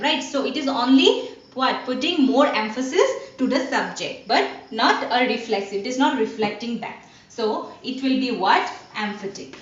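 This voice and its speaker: High-voiced indian english teacher lady, talks thru a lesson asking herself questions, kinda far from the mic. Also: fairly bright tone. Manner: explains step by step, asks and answers her own questions. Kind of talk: online class lesson. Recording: dull, roomy sound from off-mic.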